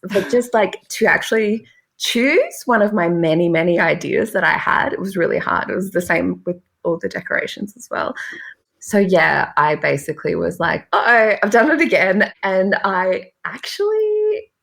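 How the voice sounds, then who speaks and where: A woman's voice: mid-range voice, very animated, moderate pace, creaky, fairly bright tone. A young Australian woman, a podcast guest, chatting casually and laughing often as she acts out quoted conversations. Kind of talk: casual chat.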